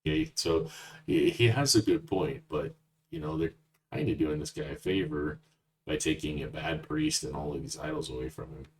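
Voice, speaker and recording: A man's voice: a bass voice, normal speed. A man giving blunt, conversational verse-by-verse Bible commentary as a teacher. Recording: distant mic with faint noise.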